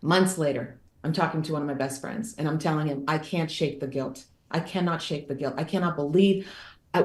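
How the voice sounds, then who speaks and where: Low-pitched woman, candid emphatic storyteller, echoey room. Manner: candid and emphatic, repeats phrases for effect. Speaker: guest author. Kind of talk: personal storytelling.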